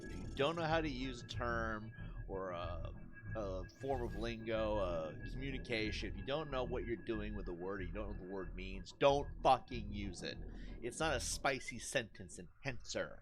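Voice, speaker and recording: A young man hosting a let's play, ranting with profanity and mockery, often bursting into loud outbursts and laughter. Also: fairly low pitch, lively intonation, measured pace, background noise. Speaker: gaming channel host.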